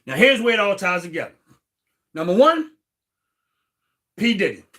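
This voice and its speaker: Fired-up American man with a high bright voice. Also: big pitch swings, moderate pace. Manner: indignant, repetitive, often raises voice to a shout. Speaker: livestream host. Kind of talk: heated political livestream rant.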